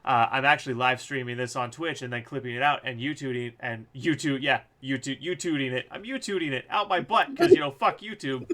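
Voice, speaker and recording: A man's voice: medium pitch, fairly quick, hardly any pauses, fairly bright tone. A man reading his own novel aloud on a live stream, casual and crude with joking asides.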